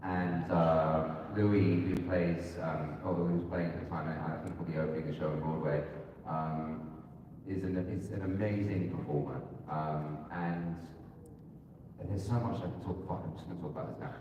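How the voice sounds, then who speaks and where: Deep-voiced man, echoey convention hall. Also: steady tone, moderate pace, muffled recording, slight background noise. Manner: rambling, candid, laughs often. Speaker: convention panel guest. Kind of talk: live panel conversation. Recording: echoey hall recorded from far off.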